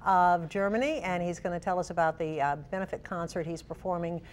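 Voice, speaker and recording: A woman's voice: fairly low pitch, fairly quick, a little hiss or hum. A woman co-anchoring a live morning news show, reading teases and playfully ribbing her co-host. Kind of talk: casual live TV banter.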